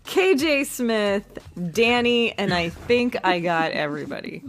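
Woman on a stream reading out names real slow. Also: medium pitch, sing-song, faint music behind. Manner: reads names off a list. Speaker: podcast co-host. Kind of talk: casual chat.

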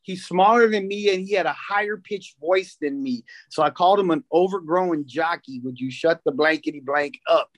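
A man's voice: a little high, moderate pace, few pauses, no room sound. A comedian in a casual chat, telling stories about his gigs.

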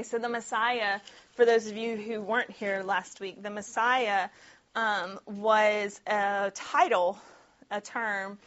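Woman Bible-study teacher, mid-pitched, chatty with frequent laughs, slightly muffled recording. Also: fairly bright tone. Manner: chatty and conversational, often laughing, with many "like" and "right?" asides. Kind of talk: casual Bible teaching to a group.

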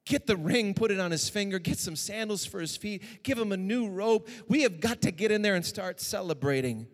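A preacher playing a warm, forgiving father. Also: fairly high pitch, animated, moderate pace, slightly rough, big-room sound. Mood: joyful. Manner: eager commands, then gentle reassurance. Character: loving father, older man, generous and tender.

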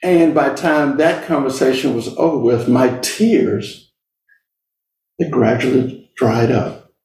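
A middle-aged man telling a personal story to an audience, speaking slowly and earnestly with long deliberate pauses. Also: mid-range voice, darkish tone. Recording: roomy sound from a distant mic.

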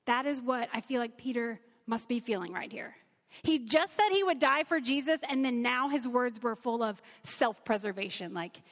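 A woman's voice: sits high, normal speed, fairly bright tone. Earnest woman teaching scripture in a hall. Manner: earnest, conversational, reads scripture aloud. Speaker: Bible teacher. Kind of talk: Bible teaching.

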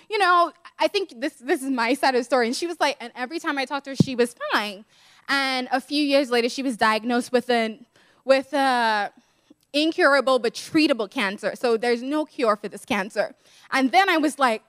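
Woman, high voice, earnest co-pastor, emotional, dry sound. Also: animated, fairly bright tone, no room sound. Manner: emotional, earnest, fast in bursts. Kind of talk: sermon sharing a personal story.

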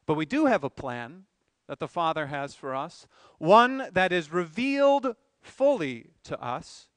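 A male pastor gives an earnest sermon full of rhetorical questions that build into emphatic swells, his pitch swinging widely at an unhurried pace. His voice is high for a man, smooth, resonant, and fairly bright. The recording is dry with no echo.

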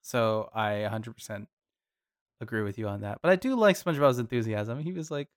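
A man co-hosting a podcast, chatting casually and animatedly about a cartoon episode. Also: mid-range voice. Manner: chatty, animated, quick asides. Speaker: podcast co-host. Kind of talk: casual chat.

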